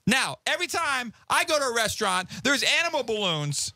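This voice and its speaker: A man in his forties hosts a casual talk show, his voice high and bright. He tells stories in an animated, rambling way that keeps wandering off track. The sound is dry and close to the mic. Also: a little fast, no echo. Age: 40s. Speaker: host. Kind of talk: casual podcast chat.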